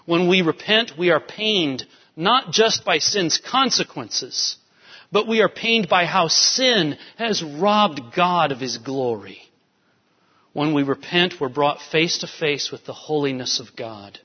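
A pastor preaching a sermon with emphatic, rising urgency. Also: male voice, on the high side, lively intonation, slow pace, breathy edge. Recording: dull sound with long hall reverb.

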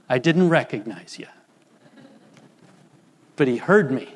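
An older man preaching a sermon as pastor, slow and deliberate with emphatic pauses. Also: medium pitch, lively intonation. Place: church sanctuary. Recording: long reverb of a church hall.

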